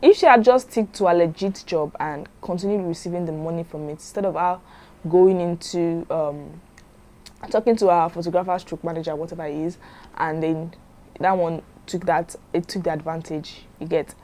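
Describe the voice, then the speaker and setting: A woman's voice: fairly low pitch, normal speed, warm tone. A young woman, narrating a drama story in a chatty way and commenting on it as she goes.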